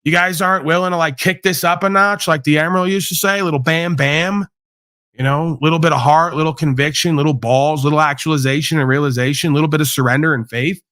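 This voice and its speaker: Man host, high and bright, dry close sound, preachy profane rant. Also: fairly even intonation, fast talker, no echo. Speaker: livestream host. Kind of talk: ranting monologue.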